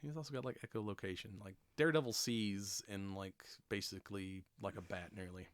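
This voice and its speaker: A man's voice: lowish voice, fairly even intonation, brisk, no room sound. A man hosting a podcast, chatting casually through a TV episode recap, swearing freely, laughing often and acting out the characters' lines. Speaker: podcast host.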